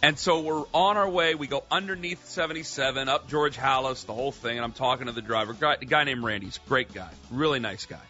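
Animated man telling a story on radio. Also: medium pitch, quick pace, hardly any pauses, dull audio, soft background music. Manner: animated storyteller, acts out quotes. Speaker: radio contributor.

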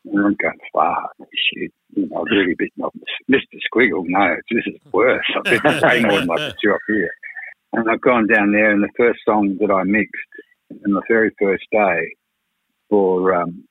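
Low-voiced, husky man, a rambling raconteur on a tinny phone-like line. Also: normal speed, no room sound. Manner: rambling, frank, peppered with "you know" and swearing. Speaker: record producer. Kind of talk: radio interview storytelling.

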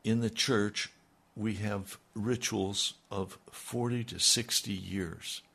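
Husky guy preaching, tells the bible story like chatting, throws in asides. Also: lowish voice, fairly even intonation, takes it slowly, sharp tone. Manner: folksy retelling with conversational asides. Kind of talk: storytelling sermon.

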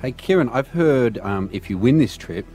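A man's voice: medium pitch, lively intonation, normal speed, darkish tone, faint music behind. A man co-hosting a radio show, teasing a caller and laughing often. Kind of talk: lively radio banter.

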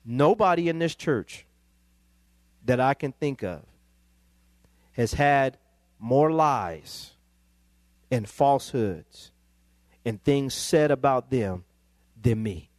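A male pastor, preaching a sermon that climbs into emphatic, excited peaks. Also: mid-range voice, takes it slowly, pauses often, dry recording.

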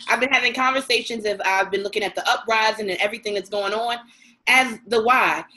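A woman's voice: fairly high pitch, brisk, bright, forceful tone, slight background noise, rough recording. A woman hosting a casual chat, asking questions and laughing easily.

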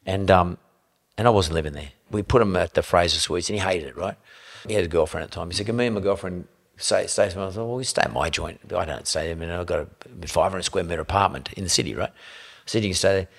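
Fast-talking deep-voiced Australian man. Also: creaky. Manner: blunt, swears freely, animated anecdotes. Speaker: podcast guest. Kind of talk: casual storytelling chat.

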